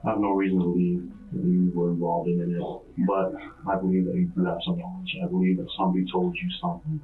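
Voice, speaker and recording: A man questioning a witness as a detective, calm and probing, in a police interview. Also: low voice, fast, soft background music. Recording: tinny phone-like interview recording.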